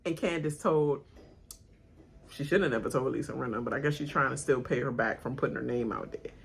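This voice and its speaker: A woman hosting a casual reality TV reaction video, animated and laughing, loudly mimicking the cast as she comments. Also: extremely low pitch, a little fast, gravelly, a little hiss or hum. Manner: animated, laughing, mimics cast members with loud yelled names.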